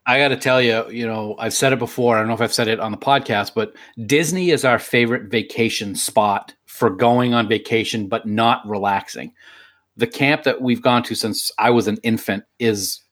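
A man's voice: medium pitch, normal speed, a bit bright. A man with a New England accent, chatting in a rambling, self-deprecating way as a podcast co-host. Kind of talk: casual chat.

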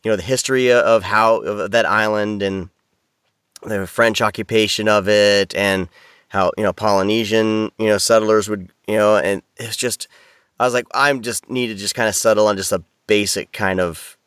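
A man's voice: on the low side, steady tone, moderate pace, fairly bright tone, clean tone, no echo, clean studio sound. A man talking casually as a podcast guest, rambling with many restarts and fillers over a video call. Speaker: audiobook narrator, podcast guest.

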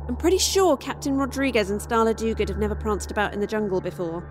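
A woman's voice: mid-range voice, animated, quick pace, slight background noise, lightly acted. A woman voicing a brash, teasing young female scientist with a reckless streak in a storybook reading.

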